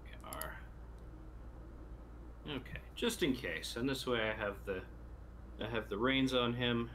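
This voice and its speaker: A man's voice: mid-range voice, expressive, measured pace. Dry, teasing male player. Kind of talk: playing a tabletop game. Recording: clear background noise.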